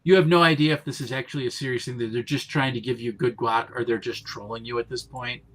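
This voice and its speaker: A man's voice: mid-range voice, steady tone, fast talker, a bit bright. A man from Pennsylvania running a tabletop game as game master, talking casually with lots of fillers and self-corrections.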